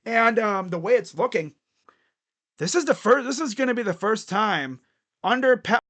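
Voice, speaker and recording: Excitable man rambling over football picks. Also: high voice, moderate pace. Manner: rambling, excitable, thinks aloud. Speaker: sports picks channel host. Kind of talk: casual football picks talk.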